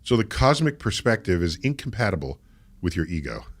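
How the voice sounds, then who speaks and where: An American man with a low voice that rises and falls widely as he explains. He speaks in a measured, lecturing way, leaning on key words with dramatic pauses. It sounds like a podcast interview. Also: sing-song. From United States. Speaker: guest astrophysicist.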